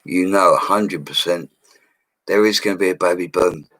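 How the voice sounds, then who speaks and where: A forty-something man with a London accent tells blunt, chatty stories about his bricklaying work on a casual livestream, using slang and some mild swearing. His voice is low and a little bright at a normal pace. The audio is poor, with no room sound.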